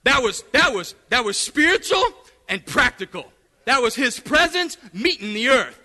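A man preaching a fiery sermon, calling out to the congregation and shouting at the peaks. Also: very high-pitched, very animated, normal speed, in a large hall.

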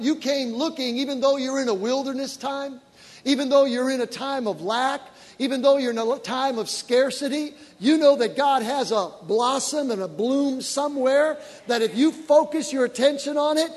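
A man, a pastor, preaching a sermon with animated storytelling that rises to shouted praise. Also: very high-pitched. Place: large church auditorium. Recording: long reverb of a large church hall with congregation. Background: faint congregation.

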